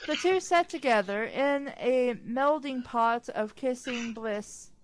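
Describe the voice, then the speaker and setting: Slow-reading woman with sarcastic asides. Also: a little high, no room sound. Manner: slow, stumbles over names, sarcastic asides. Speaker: podcast host reading fanfiction aloud. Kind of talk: casual reading with commentary.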